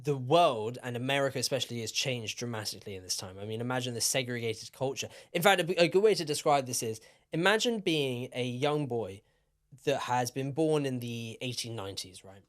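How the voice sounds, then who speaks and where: A man co-hosting a podcast, tipsy and telling a story in a lively, rambling way with plenty of swearing. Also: mid-range voice, a little fast. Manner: animated, swearing, repeats himself. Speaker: podcast co-host. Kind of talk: casual storytelling chat.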